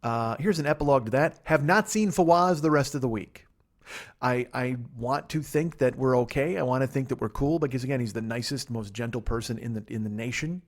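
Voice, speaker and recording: A middle-aged man from Chicago hosting a solo podcast from a living room, rambling and profane, stifling yawns as he talks. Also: mid-range voice. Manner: rambling, profane, self-mocking, rushes without pausing. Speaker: podcast host. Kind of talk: solo casual monologue. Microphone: laptop and microphone.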